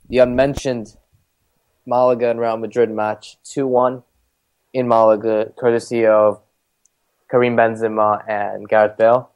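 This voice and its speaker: A man's voice: on the low side, darkish tone. A man co-hosting a football podcast, reading out weekend results in a jokey, casual way. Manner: jokey, chatty. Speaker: podcast co-host. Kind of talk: casual chat recapping league results.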